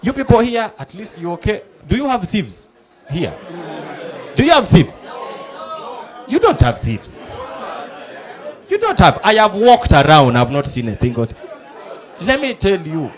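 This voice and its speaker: Lively Ugandan comedian telling stories. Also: male voice, sits high, normal speed, some chatter behind. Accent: Ugandan English. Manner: animated storytelling, acting out characters. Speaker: stand-up comedian. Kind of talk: stand-up comedy. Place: comedy club stage before a live audience. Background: audience laughter.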